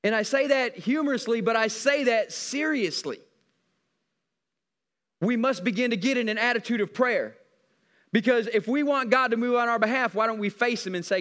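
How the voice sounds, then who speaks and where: High-voiced passionate preacher man. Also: animated, fairly quick, fairly bright tone. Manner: passionate, emphatic preaching with repeated appeals. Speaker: pastor. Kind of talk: sermon.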